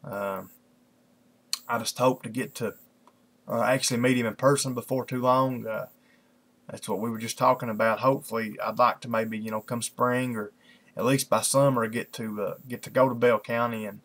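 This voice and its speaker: A man with a gravelly, mid-pitched voice chats casually at his computer before a Bible reading. He rambles and leans on fillers like "you know" and "kinda". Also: steady tone, normal speed, a bit bright. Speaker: lay preacher hosting an online Bible study. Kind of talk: casual chat then scripture reading.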